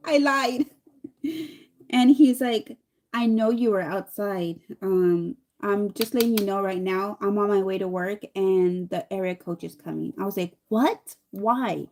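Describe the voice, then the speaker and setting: Speaking a little slowly in a medium pitch, a woman in her thirties does her makeup on camera while telling a chatty, meandering story. She brings the characters to life by acting out their lines.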